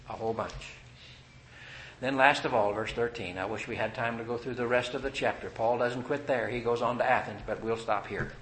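Preacher guy, fired up sermon, punchy bright voice, big room echo. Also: mid-range voice, moderate pace, pauses often. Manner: fervent preaching that swells to loud emphatic passages.

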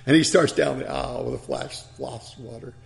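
A man's voice: mid-range voice, moderate pace, creaky. A man preacher delivering a sermon, telling stories with chuckles and asides.

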